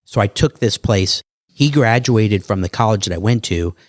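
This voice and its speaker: A man telling stories as a podcast guest in an animated, casual way, acting out other people's lines. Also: on the low side, moderate pace, dry recording, clean studio sound. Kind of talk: casual interview storytelling.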